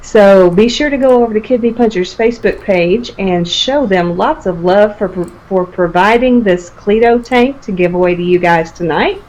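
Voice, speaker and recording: A woman's voice: medium pitch, normal speed, hardly any pauses, a little mellow, dull audio. A woman co-hosting a casual live stream, upbeat as she announces giveaways and sponsor links. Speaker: co-host.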